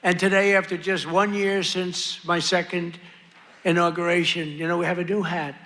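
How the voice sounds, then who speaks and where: A man's voice: high-pitched, flat delivery, moderate pace, bright, forceful tone. A man giving a political rally speech as president, boastful, repetitive and rambling. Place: outdoor or arena rally with a crowd. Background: faint crowd noise.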